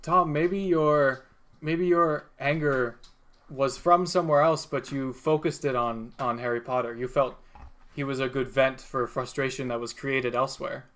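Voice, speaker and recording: A man voicing a calm, gentle old headmaster wizard with a soft, measured put-on accent. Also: mid-range voice, lightly acted.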